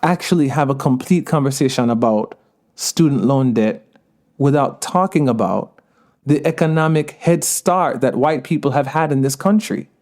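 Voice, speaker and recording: A man's voice: medium pitch, normal speed, a little mellow. A man with a light Jamaican lilt talks as a podcast guest, earnest and emphatic. His voice sits in an ordinary middle range. He laughs easily while making his points. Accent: Jamaican-tinged. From United States. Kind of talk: casual conversation.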